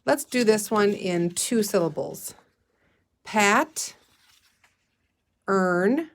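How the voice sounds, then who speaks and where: A woman teacher leading a phonics lesson, slowly sounding out word parts and encouraging her young listeners. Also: mid-range voice, expressive. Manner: encouraging, calls listeners "friends". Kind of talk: guided reading phonics lesson.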